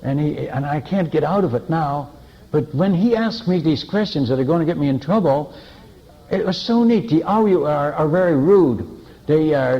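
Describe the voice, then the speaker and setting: A man preaching as a missionary, telling stories in an animated way, chuckling and restarting often. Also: on the high side, lo-fi sound. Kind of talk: anecdotal sermon storytelling.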